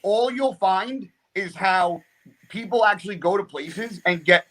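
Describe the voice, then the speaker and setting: A man recounts a story in loose, casual podcast talk. His voice sits a little high, and he rambles, swears constantly and stays animated throughout. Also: unhurried. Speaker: podcast guest.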